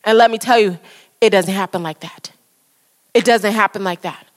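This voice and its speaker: A woman's voice: mid-range voice, moderate pace, in a large hall. A woman preaching a sermon with fervent, repetitive exhortation.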